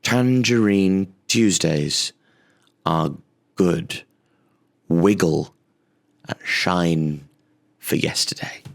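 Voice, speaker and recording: A man voicing a magic talking billy goat that slowly utters dreamy, halting nonsense, trailing off into a whisper. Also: low-pitched, creaky, exaggerated voice.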